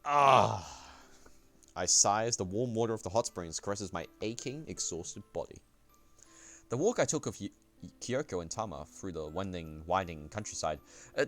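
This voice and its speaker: A deep-voiced man streams himself reading a visual novel aloud, narrating in the first person. He speaks softly and takes his time.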